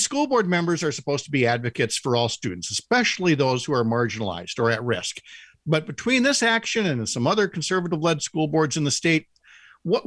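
A man co-hosting a podcast, setting up a question in a measured way with small hesitations. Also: a little high, a bit bright, no room sound. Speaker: podcast co-host. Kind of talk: interview questions.

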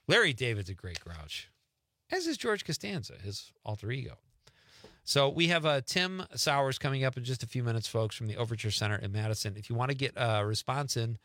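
Speaking into a studio radio mic, this middle-aged radio host chuckles his way through listener texts on his casual call-in program. His manner is lively, moving from playful asides to quiet murmurs, and the studio-quality audio has no room sound.

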